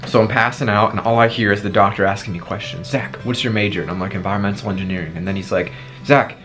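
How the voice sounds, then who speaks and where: A man's voice: on the low side, fast talker, a bit bright, faint music behind. A man in his twenties telling a dramatic personal story on his vlog, acting out his own past lines, with a sore throat. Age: 20s. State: sore throat after tonsil surgery. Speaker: vlogger.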